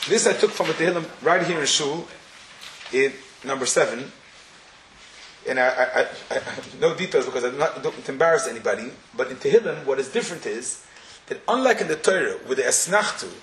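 A man's voice: fairly high pitch, animated, brisk, fairly bright tone. A man giving a Torah class in a synagogue, explaining step by step and chanting verses aloud. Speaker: Torah teacher. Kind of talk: lecture-style shiur. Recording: echoey room with faint noise.

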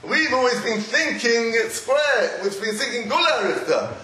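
Male lecturer, high pitch, halting and animated, echoey room. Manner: animated, halting with repeated restarts, laughs often. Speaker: Torah teacher. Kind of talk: Talmudic lecture. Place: echoey room with a live audience. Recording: roomy echo, faint noise.

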